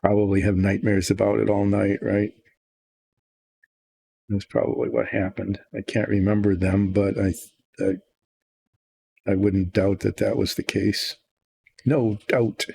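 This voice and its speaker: A man's voice: lowish voice, flat delivery, measured pace, vocal fry, pauses often, dark tone, slight background noise. An older man hosting a miniature painting video, chatting casually and thinking aloud in a meandering, self-deprecating way. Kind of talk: casual rambling chat while painting.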